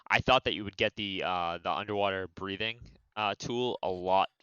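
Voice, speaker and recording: A man's voice: sits low, moderate pace, pushed and bright, clear, resonant tone, no room sound. A man talking as a podcast guest in casual chat, eager, with lots of "you know" fillers. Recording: dull, dry lo-fi audio.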